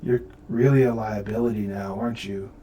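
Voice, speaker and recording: A man voicing a cold, disappointed female leader who speaks with quiet menace, recorded from a distance in a roomy space. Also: fairly low pitch, steady tone, fairly quick, a little hiss or hum, natural voice. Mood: menacing. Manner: cool, menacing. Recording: roomy audio from far off mic.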